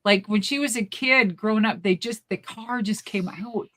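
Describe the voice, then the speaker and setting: A woman co-hosting a live stream chat, telling lively family stories and loudly acting out the people she quotes. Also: mid-range voice, normal speed. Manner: animated, acts out quoted voices loudly. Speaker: co-host. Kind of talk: casual storytelling chat. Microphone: live stream, remote.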